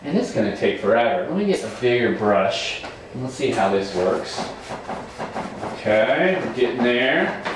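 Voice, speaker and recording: A man teaching a Sunday school class of children, retelling a Bible story in a lively, playful way. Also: high voice, noisy background. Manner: animated storytelling to kids. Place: church room. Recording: echoey room, far from mic.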